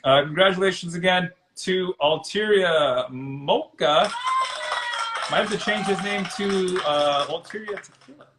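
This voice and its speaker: A man's voice: high-pitched, unhurried, reverberant, background noise. A man co-hosting a podcast, joking around and reading sponsor promos with lots of fillers. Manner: jokey, reads promos with fillers. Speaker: podcast co-host. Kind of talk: casual podcast chat.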